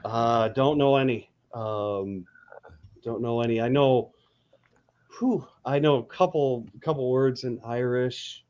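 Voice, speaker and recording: A man's voice: mid-range voice, darkish tone. A man hosting a casual chat, talking in a rambling way with many ums and restarts. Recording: dull lo-fi audio.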